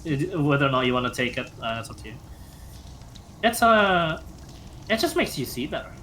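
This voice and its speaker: A young man running a tabletop game as game master, narrating haltingly with many fillers and restarts. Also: a little high, very animated, a bit bright, a little hiss or hum.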